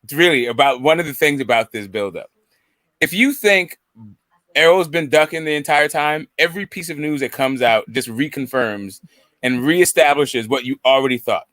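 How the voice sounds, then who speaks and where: A man with a fairly high voice commenting on boxing in a wry, fed-up tone full of sarcasm. The recording is dry and close. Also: normal speed, a bit bright, dry recording. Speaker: boxing podcast panelist. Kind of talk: casual commentary.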